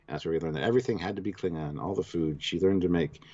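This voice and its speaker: A man's voice: low-pitched, fast talker, warm tone. A man co-hosting a review show, casually recapping scenes and reading viewer messages. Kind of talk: casual episode review chat. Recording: dull lo-fi sound.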